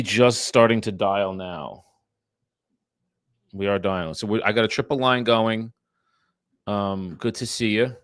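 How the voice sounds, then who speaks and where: A man's voice: fairly low pitch, a little slow, long pauses, a bit bright, no room sound. A man, a real estate agent chatting casually on a livestream between cold calls. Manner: casual, rambling, talks to viewers between calls. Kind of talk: casual livestream chat while cold calling. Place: his home studio.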